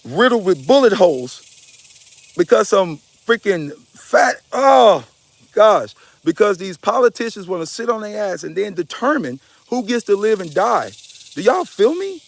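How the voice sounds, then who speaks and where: With a high-pitched voice and vocal fry, a man delivers an impassioned spiritual talk. He's emphatic and preachy, sprinkling in slang and swearing, and keeps calling his listeners y'all.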